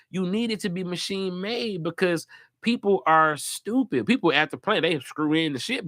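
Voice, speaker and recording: A man hosting a live podcast, talking casually with animated, profane energy. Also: fairly high pitch, dry recording, studio quality. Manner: animated, profane, jumps into loud put-on voices. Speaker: comedian and podcast host.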